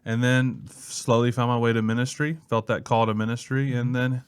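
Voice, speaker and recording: Clear and resonant at medium pitch, this young Mississippi man speaks at a normal speed. As a student pastor in a casual interview, he tells his story with lively energy, acting out those he quotes.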